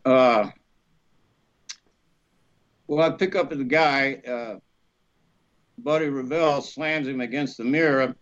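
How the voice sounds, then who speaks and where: A middle-aged man, an actor guest, telling lively anecdotes in casual conversation, acting out the voices of the people he quotes and laughing often. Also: medium pitch, slow, long pauses. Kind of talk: casual storytelling interview. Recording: dull lo-fi podcast audio.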